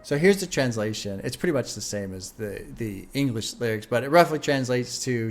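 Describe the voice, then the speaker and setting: A man's voice: medium pitch, animated, normal speed, hardly any pauses. A young man casually reacting to a song, chatty and laid-back, laughing often and reading lyrics aloud. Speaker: music reaction streamer.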